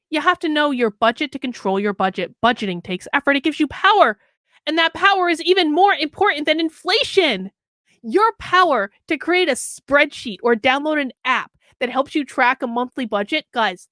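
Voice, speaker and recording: Sarcastic high-voiced woman commentator. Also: animated, moderate pace, a bit bright, dry recording, studio quality. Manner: sarcastic, mocking read-aloud with chatty asides. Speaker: political commentary host. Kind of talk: sarcastic commentary reading an article.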